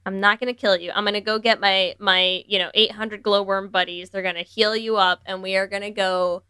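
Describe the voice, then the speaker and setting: A woman co-hosting a podcast, recapping a movie in casual, animated chat, swearing freely and acting out characters' lines. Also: mid-range voice, a little fast, clean tone, dry recording, studio quality. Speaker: podcast co-host.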